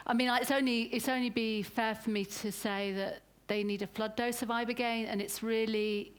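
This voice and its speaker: A woman's voice: a little high, steady tone, moderate pace, clean tone. A woman, the guest speaker, answering audience questions in an earnest, conversational way. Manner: thoughtful, earnest, with many backchannel mm's.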